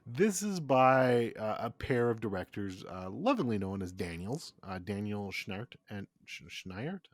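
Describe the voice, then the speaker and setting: A man's voice: on the low side, very animated, slow pace, no echo. A man co-hosting a podcast in casual chat, talking enthusiastically and profanely, rambling with lots of fillers. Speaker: podcast co-host.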